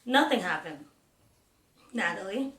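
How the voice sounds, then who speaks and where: A woman reading the part of a gentle, worried father who soothes his daughter, in a storybook read-aloud. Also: medium pitch, animated, unhurried. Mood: reassuring. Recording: roomy echo.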